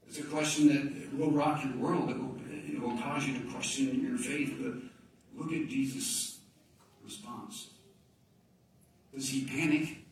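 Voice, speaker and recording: A man preaching a sermon as pastor, swinging from loud emphasis to hushed, near-whispered lines. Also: medium pitch, steady tone, moderate pace, a little hiss or hum. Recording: echoey room from a distance, faint ambience.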